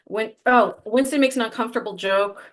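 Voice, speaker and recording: A woman's voice: a little high, brisk. Chatty woman podcast co-host. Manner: chatty, lots of "like", laughs easily. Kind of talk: casual book-club chat.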